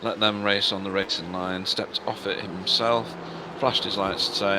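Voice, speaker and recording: A man doing chatty live commentary on a sim race, quick to exclaim at the action. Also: deep voice, fairly even intonation, noisy background.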